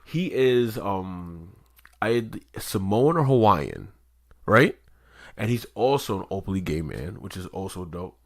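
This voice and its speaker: A man's voice: deep voice, big pitch swings, a little slow, dry recording, studio quality. A man co-hosting a podcast in loose casual chat, rambling with lots of fillers and swearing. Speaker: podcast co-host.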